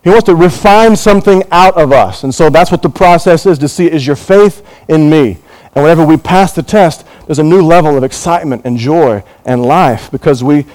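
A middle-aged man, a pastor, preaching a sermon in a church with animated delivery, acting out quoted figures. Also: a little fast, poor audio. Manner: animated preaching, voices quoted figures, lively rises in pitch. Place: church in Hong Kong.

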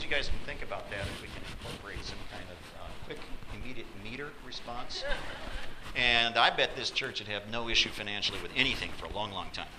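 A man preaching a sermon in a church, swinging from loud, dramatic lines to hushed ones. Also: medium pitch, a little hiss or hum, low-quality recording. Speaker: pastor.

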